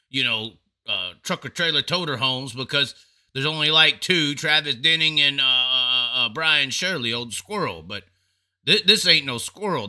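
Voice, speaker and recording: Bright, high-voiced profane racing commentator. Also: male voice. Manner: animated, profane, laughing asides. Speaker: racing show host. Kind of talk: casual commentary.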